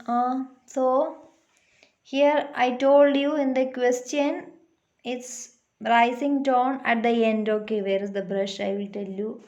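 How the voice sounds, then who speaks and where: A woman teacher with a fairly high, slightly mellow voice gives a classroom lesson, captured in dull audio. She explains slowly and patiently, checking in with her pupils with "huh?"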